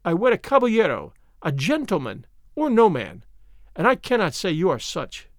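A man's voice: high voice, big pitch swings, normal speed, dry recording, studio quality. A man reading a storybook, voicing a proud, fiery young noblewoman with haughty indignation. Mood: indignant.

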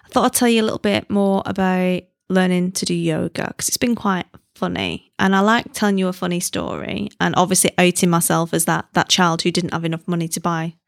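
A woman's voice: fairly low pitch, dry recording, clean studio sound. A woman in her thirties hosting a podcast, chatting casually and rambling into giddy tangents. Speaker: podcast host. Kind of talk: casual chat.

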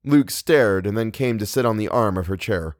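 A man's voice: lowish voice, normal speed, no echo. Man narrating a novel, dry close sound. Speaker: audiobook narrator. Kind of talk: scripted narration.

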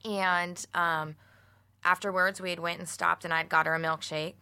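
A woman with a lowish but bright, forward voice tells a story on a casual talk show. She is animated and profane, mixing laughter into her telling. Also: moderate pace, clear, resonant tone. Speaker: podcast co-host. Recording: studio mic, radio show.

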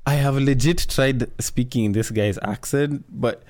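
A man's voice: medium pitch, moderate pace, hardly any pauses, darkish tone. A man giving casual, frank commentary, talking conversationally and swearing freely.

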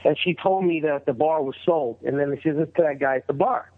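A middle-aged man from New York, a guest telling a story in a casual, animated way and acting out the voices of the people in it. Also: a little fast. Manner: animated, acts out quoted voices in a higher pitch. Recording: tinny phone-like line.

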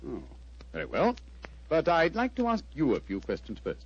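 An actor playing a sharp, wry detective in a vintage radio drama, brisk and deductive. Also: male voice, on the high side, huge pitch swings, breathy edge, exaggerated voice. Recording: dull lo-fi old radio recording.

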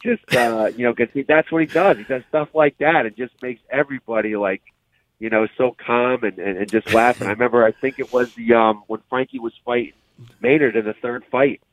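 A man, a guest coach, telling relaxed stories in a casual chat. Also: medium pitch, fairly quick, no room sound, poor audio. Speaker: podcast guest and fight coach.

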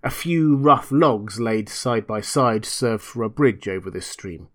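A man's voice: fairly low pitch, animated, unhurried. Man dramatically reading a gothic tale. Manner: theatrical, dropping to hushed tones at tense moments. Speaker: storyteller.

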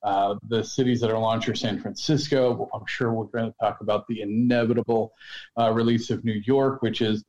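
A man co-hosting a casual podcast chat, joking and quick to laugh. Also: fairly low pitch, steady tone, a little mellow. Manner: jokey, laughs easily. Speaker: podcast co-host. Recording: slightly dull, muffled sound.

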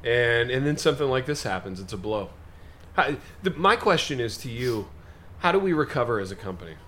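A man's voice: brisk, a little hiss or hum. A man co-hosting a comedic talk show, speaking with theatrical, mock-grave indignation. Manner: theatrical, mock-grave, animated pitch swings. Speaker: podcast co-host.

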